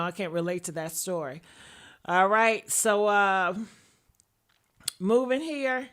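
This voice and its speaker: A woman's voice: on the high side, sharp tone. A woman hosting a casual gossip commentary show, loose and blunt, often laughing at herself.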